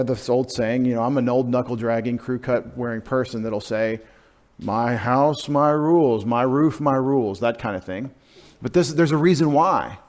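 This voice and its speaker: A middle-aged man, preaching a sermon in a conversational, self-deprecating way, dropping into quiet asides. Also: medium pitch. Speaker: pastor.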